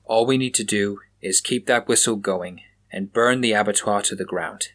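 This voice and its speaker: A man's voice: lowish voice, moderate pace, a bit bright. A man voicing a stern, determined male police officer in an audiobook, with a commanding, clipped delivery. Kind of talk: audiobook character voice.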